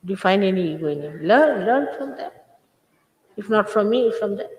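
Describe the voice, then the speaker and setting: A woman's voice: medium pitch, animated, moderate pace, darkish tone. Older woman scolding in an echoey hall. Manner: scolding, emphatic, repeats phrases for stress. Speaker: spiritual teacher. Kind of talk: informal spiritual talk to followers. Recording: echoey hall, 1980s archive tape.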